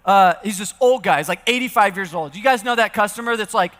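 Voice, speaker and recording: High-pitched, punchy man onstage in a big hall. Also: fast. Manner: animated storyteller who acts out dialogue and rallies the audience. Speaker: sales keynote speaker. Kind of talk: energetic motivational stage talk with acted stories. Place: large event hall on stage. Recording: long reverb of a large hall.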